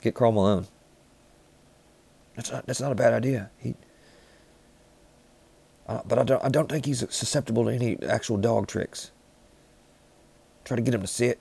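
A man in rambling, deadpan comedic banter, riffing with frequent restarts. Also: lowish voice, normal speed, vocal fry, pauses often, slightly rough.

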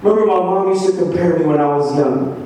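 High-voiced young preacher in an echoey hall. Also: male voice, quick pace. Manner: animated, acts out voices, laughs often. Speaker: pastor. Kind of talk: sermon. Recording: echoey hall from far off, faint rumble.

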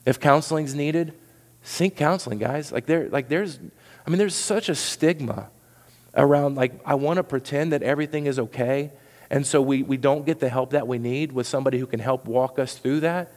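A man's voice: mid-range voice, normal speed, a little mellow. A man preaching a sermon as pastor, earnest and urging, often repeating words as he presses a point. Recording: long hall reverb.

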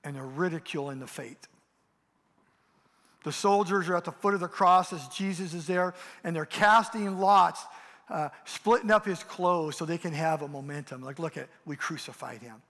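High-voiced man preaching in a reverberant hall. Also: moderate pace, a bit bright. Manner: impassioned preaching, acts out mocking voices. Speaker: pastor. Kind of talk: sermon.

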